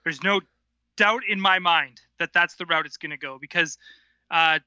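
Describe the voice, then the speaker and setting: Male podcast co-host, very bright and sharp-toned, giggly banter, dry mic. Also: on the high side, normal speed, clean tone, no room sound, lo-fi sound. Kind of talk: casual chat.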